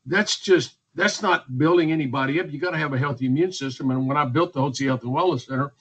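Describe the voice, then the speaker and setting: A man's voice: fairly high pitch, quick pace, fairly bright tone, husky, lo-fi sound. A man, speaking as a physician guest in a radio interview, emphatic and repetitive, listing points one by one. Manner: emphatic, repetitive, list-making.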